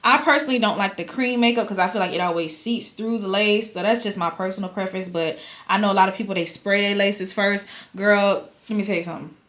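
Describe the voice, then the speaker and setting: A woman's voice: medium pitch, fast talker, few pauses, fairly bright tone. A young woman talks casually to her viewers from home. Her chat is loose and full of slang, and she keeps calling her audience y'all. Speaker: vlogger doing a wig install.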